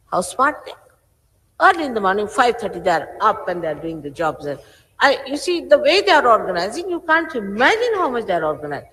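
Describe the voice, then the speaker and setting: Woman, 60s, spiritual teacher, stern, scolding, widely swinging pitch, echoey hall. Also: a bit bright. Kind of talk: addressing followers. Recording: roomy archive recording with long hall reverb.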